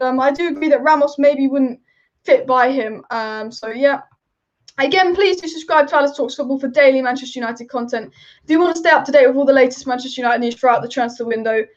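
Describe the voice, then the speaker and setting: A woman hosting a football live stream, reading viewer comments and giving passionate, rambling opinions. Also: high voice. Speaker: football channel host. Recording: dull lo-fi stream audio.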